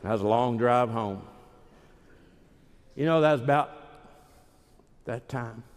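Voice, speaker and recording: A man's voice: mid-range voice, takes it slowly. A man preaching a sermon in a folksy, emphatic storytelling manner. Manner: folksy, emphatic, acts out quoted voices. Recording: reverberant hall.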